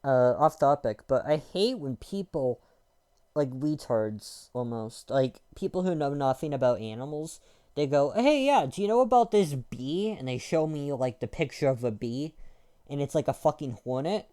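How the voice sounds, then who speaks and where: A man's voice: medium pitch, moderate pace, warm tone, clear, resonant tone. A young man rants in a casual monologue, irritated and rambling, swearing often and restarting his sentences. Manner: irritated, rambling, crude, with frequent restarts and filler.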